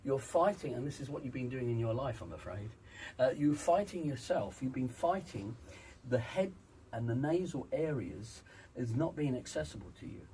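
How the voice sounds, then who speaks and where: Male vocal coach, emphatic, lively delivery, slightly off-mic. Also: medium pitch, moderate pace, recorded from a distance, a little hiss or hum, poor audio. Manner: emphatic, demonstrates vocal sounds. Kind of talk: interview, teaching voice exercises.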